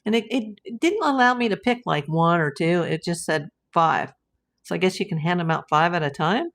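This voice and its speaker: A woman's voice: on the low side, expressive, normal speed, a bit bright. Chatty woman hosting a livestream. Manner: chatty, reads viewer comments aloud and greets them by name. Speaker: livestream host. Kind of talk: casual livestream chat with viewers.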